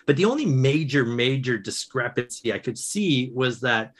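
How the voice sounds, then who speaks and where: Guy telling teaching stories, bright voice, keeps restarting, laughs a lot. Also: mid-range voice. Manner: animated, quick storytelling with restarts and laughs. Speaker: guest author and educator. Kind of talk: casual storytelling.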